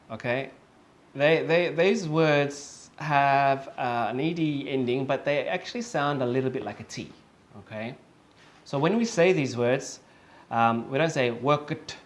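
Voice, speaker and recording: A man teaching English, speaking slowly and patiently, repeating example words several times and checking in with "okay?" often. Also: medium pitch. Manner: slow and patient, with many fillers and checks of "okay?". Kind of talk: online lesson.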